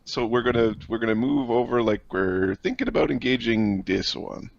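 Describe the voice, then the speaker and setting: Gravelly, jokey male player. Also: mid-range voice, moderate pace, dry recording, muffled recording. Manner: jokey, laughs often. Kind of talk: casual tabletop play.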